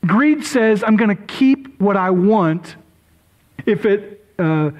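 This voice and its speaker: A man's voice: high voice, animated, slow, low-quality recording. A middle-aged male pastor preaching a sermon, chatty and self-deprecating, apologizing often and breaking into asides.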